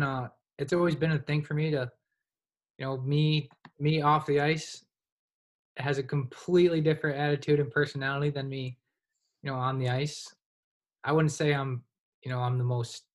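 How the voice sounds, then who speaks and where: A young man in his twenties, a hockey goaltender, talking casually in a podcast interview and filling his sentences with "you know". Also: medium pitch. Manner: relaxed, rambling, heavy use of "you know". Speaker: guest, college hockey goaltender.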